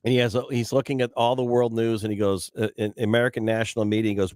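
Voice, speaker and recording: A man's voice: fairly low pitch, fast talker, hardly any pauses, no echo, clean studio sound. Chatty male morning radio host. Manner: chatty, animated storytelling with many restarts. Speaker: radio talk show host. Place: radio studio.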